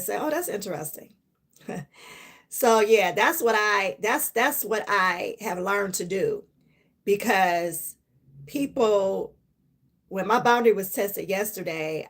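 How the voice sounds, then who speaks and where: A woman's voice: mid-range voice, fairly bright tone. A middle-aged woman hosting a live stream, giving a casual motivational talk in a chatty, emphatic way and laughing often.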